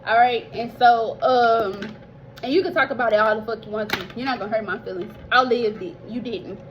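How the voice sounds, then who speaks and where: A woman's voice: a little high, steady tone, fairly quick, dull audio, a little hiss or hum. A young woman telling her life story casually, rambling and heartfelt, near tears, swearing and calling listeners y'all.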